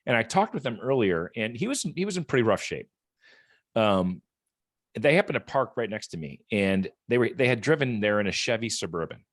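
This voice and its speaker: A man's voice: lowish voice, big pitch swings, a little fast, a bit bright, no echo, studio quality. A man speaking as a guest at a support group meeting, telling stories in an earnest, conversational way, often repeating words as he goes. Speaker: guest speaker from a rehab equipment company.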